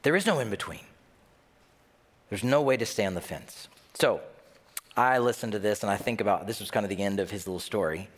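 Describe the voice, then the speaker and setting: A man preaching a sermon as pastor, animated, swinging between loud emphatic bursts and hushed low asides. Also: a little fast. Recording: long reverb of a large hall.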